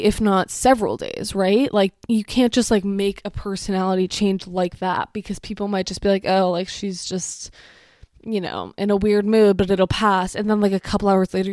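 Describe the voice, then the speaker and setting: A woman's voice: mid-range voice, darkish tone, dry recording, clean studio sound. A young woman chatting casually and sarcastically, reading steps aloud and reacting to them with lots of "like" and "you know.". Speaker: vlogger.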